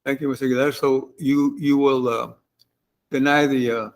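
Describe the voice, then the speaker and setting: Male board chair, mid pitch, halting procedural delivery. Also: steady tone. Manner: halting, with fillers, calling names for a vote. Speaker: board president chairing the meeting. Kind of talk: formal meeting procedure. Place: school board meeting room.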